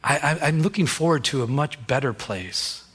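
A middle-aged man preaching a sermon as a pastor, conversational and animated, often restarting his words as he tells stories. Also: fairly high pitch, moderate pace, husky. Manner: conversational, animated storytelling with repeated word restarts.

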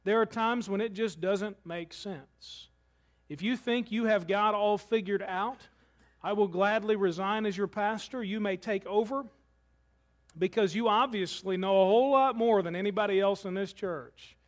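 Male pastor, fairly high voice, relaxed sermon delivery with joking asides to the congregation. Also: moderate pace. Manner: conversational preaching with humorous asides.

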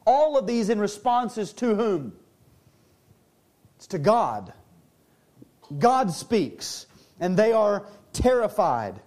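High-voiced man preaching a sermon. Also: big pitch swings, darkish tone. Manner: earnest preaching, slows and drops low for emphasis. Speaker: pastor.

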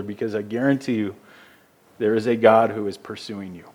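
A man's voice: fairly low pitch, moderate pace, a little mellow. A man preaching a sermon as pastor, earnest and emphatic, often repeating words as he goes.

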